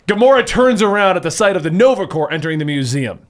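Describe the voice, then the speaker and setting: Lively high-voiced man running a tabletop game. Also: fast. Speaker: game master.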